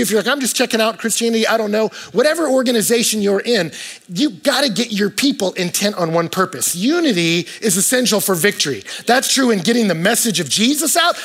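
American guy preaching in church, husky voice, pitched kinda high, chatty then loud. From United States. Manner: conversational preaching with swings from hushed to loud. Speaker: pastor. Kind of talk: sermon.

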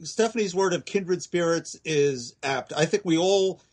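A man in his sixties, a regular on a podcast, bantering eagerly about old films in casual chat. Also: on the high side. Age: 60s. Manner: enthusiastic, quick-witted movie buff banter.

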